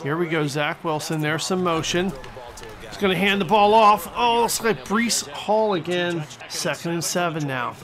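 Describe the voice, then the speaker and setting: A man giving excitable play-by-play commentary over a football video game, exclaiming at big plays and mocking the other team. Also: high voice, normal speed. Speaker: gaming channel host. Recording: stadium crowd noise from the game behind.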